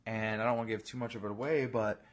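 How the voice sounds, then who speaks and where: A man hosting a podcast, telling a story in casual, profane chat, acting out other people's voices loudly. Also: on the low side, steady tone, fast. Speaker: podcast host.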